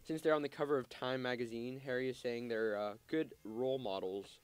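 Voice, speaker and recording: A man's voice: medium pitch, steady tone, clear, resonant tone. Casual young man debating rap. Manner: chatty, loose, quick to disagree. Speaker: radio show co-host. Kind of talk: casual panel discussion.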